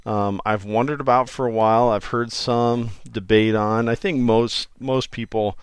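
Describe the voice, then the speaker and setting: A man's voice: mid-range voice, fairly even intonation, unhurried, clear, resonant tone, no room sound, clean studio sound. A man co-hosting a casual podcast chat, joking and loose, often restarting his sentences. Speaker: podcast co-host.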